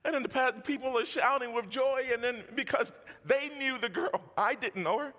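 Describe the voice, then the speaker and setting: A man's voice: very high-pitched, normal speed, pushed and bright. A man, a pastor, giving a sermon testimony in a fervent storytelling manner with repetitions and laughs. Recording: long hall reverb.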